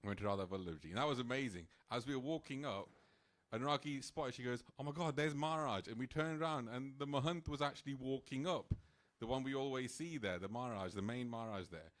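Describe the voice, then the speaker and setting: Animated man telling a story. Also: medium pitch, fast talker. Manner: animated storytelling with frequent "like" fillers and laughs. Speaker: speaker at a temple program. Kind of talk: casual storytelling talk.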